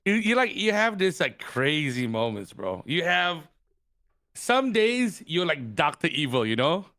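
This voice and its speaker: A man in casual podcast chat, his pitch leaping up and down as he tells stories. He swears freely and laughs a lot. The sound is dry and close. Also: big pitch swings, measured pace, bright, forceful tone, no room sound. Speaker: podcast guest.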